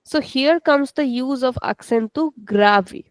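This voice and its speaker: A woman's voice: sits high, slow pace, smooth, dry recording. A woman teaching a language lesson, explaining step by step and checking in with "okay". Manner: switches into Hindi to explain.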